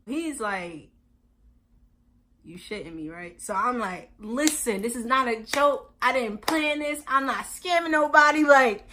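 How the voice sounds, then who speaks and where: A young woman in her twenties telling a storytime in casual chat, animated and acting out quotes. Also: high voice, a little slow, hardly any pauses, noisy background. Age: 20s. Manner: animated, acts out quotes of others. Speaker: vlogger.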